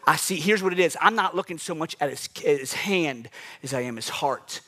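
A man preaching a sermon in an emphatic, conversational way, drawing out phrases and dropping to a hush. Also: a little high, lively intonation, brisk.

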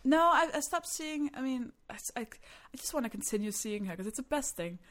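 A woman's voice: sits high, animated, fairly quick, a bit bright. A young woman from Denmark talks like a stand-up comedian on a podcast. Her stories are frank and self-mocking, and laughter keeps breaking into her lines. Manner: candid, self-deprecating storyteller who laughs often. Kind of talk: casual podcast chat.

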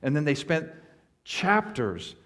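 A man's voice: a little high, very animated, takes it slowly, a bit bright. A man preaching a sermon, explaining scripture in an earnest way and building to emphatic points. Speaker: pastor.

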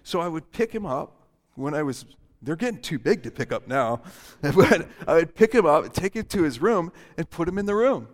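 A middle-aged man preaching in a light, joking, chatty way, with a fairly high voice. His words ring out with a long reverb through a large church hall. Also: very animated, moderate pace. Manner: humorous, conversational. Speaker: pastor. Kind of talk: sermon.

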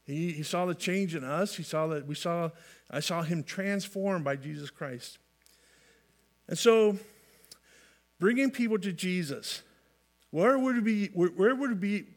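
A man's voice: sits high, measured pace, pauses often. A man from California preaching a sermon in a folksy way, often restarting phrases and adding light humor. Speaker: pastor.

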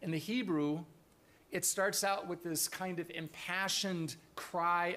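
A man's voice: high-pitched, steady tone, takes it slowly, bright, forceful tone. A man preaching a sermon to his congregation, earnest and thoughtful, often restarting his phrases. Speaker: pastor.

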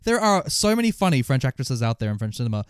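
A man co-hosting a casual podcast chat, telling stories with jokes and quick asides. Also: medium pitch, clean tone, dry recording, studio quality. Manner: animated storyteller, quick and joking. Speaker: podcast co-host.

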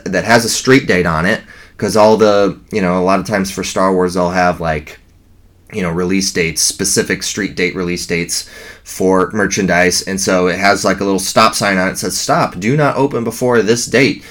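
A man's voice: deep voice, steady tone, moderate pace, a bit bright. A man chatting casually and enthusiastically, rambling with fillers. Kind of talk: casual fan chat.

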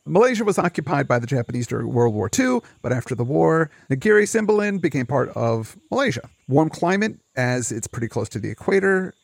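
Podcast co-host, male, slightly high and gravelly, animated storyteller. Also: a little fast, hardly any pauses, no echo. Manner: retells the plot with acted quotes and chuckles. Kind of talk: casual book discussion and plot retelling.

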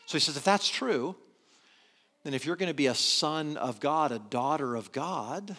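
A man preaching a sermon in an animated way, swinging between loud emphasis and quiet asides. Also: on the high side, normal speed. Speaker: pastor.

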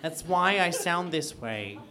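A man with an Australian accent, softened toward American, co-hosting a casual podcast with camp, theatrical storytelling. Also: fairly high pitch, expressive, slow, a crowd in the background. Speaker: podcast co-host.

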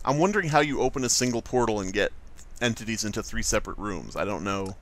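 A man's voice: fairly low pitch, fast talker. A man co-hosting a podcast, reading a story aloud and joking around with friends. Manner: playful, jokey, animated. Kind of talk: casual group chat and story reading.

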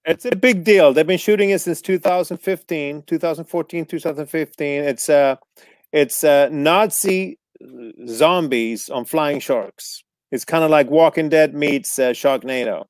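A man chats casually, telling lively stories, cursing freely and acting out the people he quotes. His voice sits a little on the high side. The sound is dry and close, with no room echo. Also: unhurried. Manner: animated, swears freely, mimics others in quotes. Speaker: actor guest. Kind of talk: casual storytelling chat.

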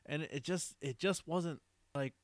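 A man chatting casually as a podcast co-host, rambling and halting, often breaking into laughter. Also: on the high side, a crowd in the background. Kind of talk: casual chat.

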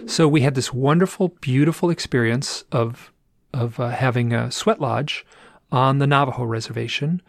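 A man's voice: mid-range voice, moderate pace, creaky, dry recording, studio quality. A man telling a personal story in a casual, rambling way, with restarts and repeated phrases. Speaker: guest telling an experience.

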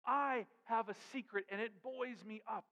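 A man's voice: very high-pitched, moderate pace, pushed and bright. A man preaching a sermon as pastor, with emphatic rhetorical questions. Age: adult with young daughters. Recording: dull sound with long hall reverb.

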